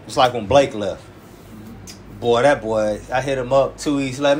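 A man's voice: medium pitch, normal speed. A man who is a church elder, preaching in an informal, emphatic, colloquial way and often tacking "man" onto his phrases. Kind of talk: informal sermon teaching.

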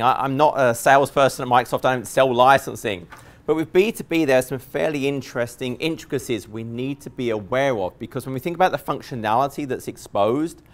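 A conference speaker, an Englishman with an English accent and a mid-range voice, presents technical material to a live audience. He keeps it relaxed and jokey, though his speech is full of fillers and restarts.

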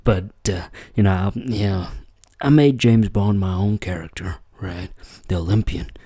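A man's voice: deep voice, a little slow, warm tone, no room sound, studio quality. A man hosting a comedy reaction video, mock-dramatic and self-mocking, swearing freely. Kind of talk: jokey reaction commentary.

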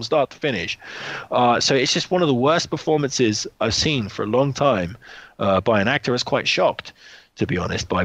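A man's voice: medium pitch, fairly bright tone, no room sound. A man co-hosting a podcast, chatting casually about films, blunt and swearing freely, with many restarts. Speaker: podcast co-host. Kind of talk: casual film chat.

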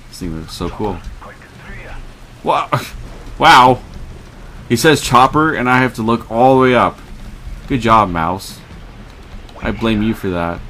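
Young man, gaming commentary, slow speech, lively pitch, crude jokes, faint noise behind. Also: low-quality recording. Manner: joking, crude, reacting aloud. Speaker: gaming channel host. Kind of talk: casual let's play commentary.

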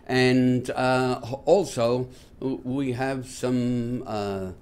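A man hosting a talk show, speaking to viewers in a halting, unscripted monologue full of fillers with wry, sardonic asides. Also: mid-range voice, fairly even intonation, darkish tone, clear, resonant tone. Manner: halting, many fillers and restarts. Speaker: host of a nonbeliever talk show.

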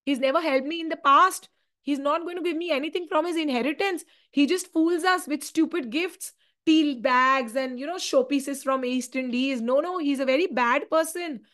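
A woman's voice: high voice, moderate pace, a bit bright. A woman lightly voicing a sly, jittery young schemer. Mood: protesting. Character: scheming young man, falsely polite, nervous.

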